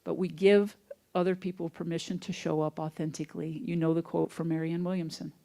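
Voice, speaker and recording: Minister type, relaxed sermon delivery, homespun storyteller. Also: medium pitch, brisk, vocal fry. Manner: conversational, folksy storytelling. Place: church sanctuary, also streamed online.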